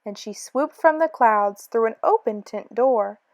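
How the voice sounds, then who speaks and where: A woman reading a rhyming children's book aloud in a rhythmic, expressive way. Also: on the high side, a little slow, no room sound. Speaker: storybook reader.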